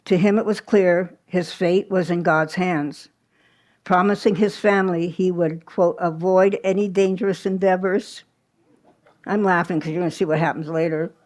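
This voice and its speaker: Lower-pitched woman presenting a history talk. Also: fairly even intonation, normal speed, a little mellow. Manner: conversational storytelling with asides. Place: small history museum.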